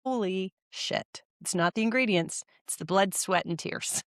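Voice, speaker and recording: A woman's voice: mid-range voice, a little slow, no room sound. Chatty podcast lady, cusses and laughs a ton, dead dry mic. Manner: laughs often, swears freely. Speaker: podcast co-host. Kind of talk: casual chat. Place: California.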